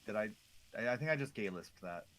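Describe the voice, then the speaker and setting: A man's voice: lowish voice, lively intonation, a little fast, fairly bright tone. A man chatting casually with a friend while playing an online game, telling rambling stories full of fillers. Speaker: co-op gamer. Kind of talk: casual chat while gaming.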